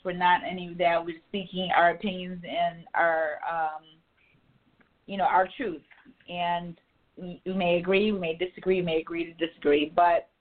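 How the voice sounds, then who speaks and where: Woman talk-radio host, loud, emphatic and profane, heard over a tinny phone line. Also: on the low side. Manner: loud, laughing, emphatic, swears freely. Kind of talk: casual talk radio chat.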